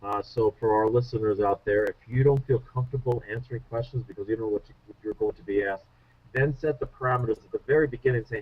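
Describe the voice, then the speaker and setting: A man speaking as a guest on a radio interview, a public speaking coach telling stories in an animated, self-deprecating way. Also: on the low side, fast. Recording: muffled radio show audio.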